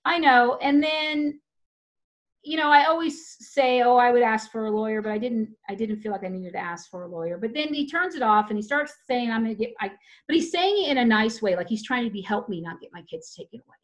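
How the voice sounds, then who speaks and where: A woman's voice: fairly high pitch, lively intonation, brisk. A woman talking in a loose, rambling way, often restarting her sentences as she tells a personal story in casual chat.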